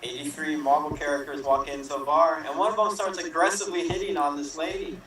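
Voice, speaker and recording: A man telling improv jokes, rushing through the setups and pitching his voice up for the punchlines. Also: steady tone, bright, forceful tone, a little hiss or hum. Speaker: improv player. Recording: echoey room from far off.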